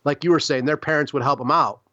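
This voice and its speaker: A middle-aged man from Chicago talks in a loose, profane ramble, filling his sentences with "like" and "you know". His voice sits high for a man. The recording is dry and a little dull. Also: fairly even intonation, quick pace, sharp tone, no room sound. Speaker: podcast guest, publisher. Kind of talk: casual interview storytelling.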